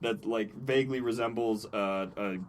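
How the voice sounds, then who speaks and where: A man narrating as game master in a halting way, with frequent fillers. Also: fairly low pitch, steady tone.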